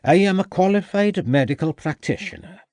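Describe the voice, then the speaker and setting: A man's voice: sits high, normal speed, a little mellow, no room sound, voice pushed up, close to an everyday voice. A man voicing a proud older town doctor with a Welsh accent who speaks pompously. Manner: pompous and affronted.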